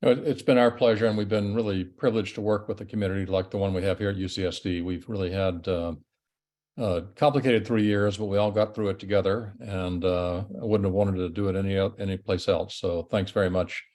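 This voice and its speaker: Deep-voiced, modest man on a call. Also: fairly even intonation, a little mellow. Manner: modest, halting, with fillers. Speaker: campus medical expert. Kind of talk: brief thanks on a video call. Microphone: video call.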